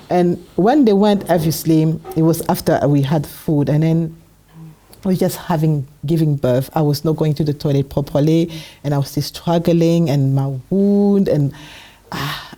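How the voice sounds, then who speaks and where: Low-voiced woman telling a personal story. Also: normal speed. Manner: animated retelling, acting out past dialogue. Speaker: guest sharing her testimony.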